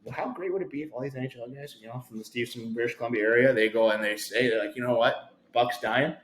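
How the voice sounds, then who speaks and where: A man's voice: medium pitch, very fast, a bit bright, reverberant, rough recording. A man hosting a podcast, rambling and hyped, repeating himself as he chats casually. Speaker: podcast host. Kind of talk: casual chat.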